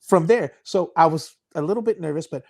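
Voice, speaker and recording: A man's voice: a little high, fairly quick, gravelly, a little mellow. A man, a wrestling guest, telling a long story in an interview, laughing often and restarting words.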